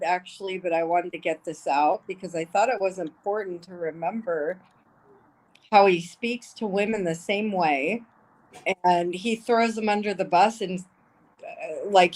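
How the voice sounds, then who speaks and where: Brief: unhurried woman streamer, lowish voice, blunt and profane. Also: darkish tone, rough recording. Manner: blunt, swears often, emotional asides. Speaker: livestream commentator. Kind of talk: casual live-stream commentary.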